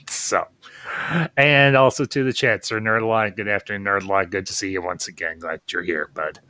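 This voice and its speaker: A man's voice: fairly low pitch, fairly even intonation, moderate pace, bright, forceful tone, no room sound. A man hosting a casual livestream chat, folksy and chatty with frequent ums. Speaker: host.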